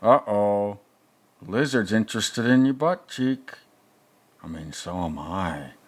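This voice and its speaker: Man doing a crude rambling old male reviewer, very deep voice, slow drawl, sarcastic comedic commentary. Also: animated. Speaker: movie reviewer.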